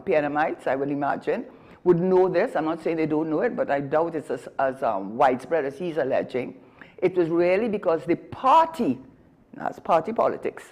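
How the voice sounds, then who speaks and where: A woman's voice: on the low side, darkish tone. A woman with a Trinidadian accent giving emphatic political commentary as a talk show guest, often correcting herself mid-sentence. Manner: emphatic, argumentative, frequent self-corrections.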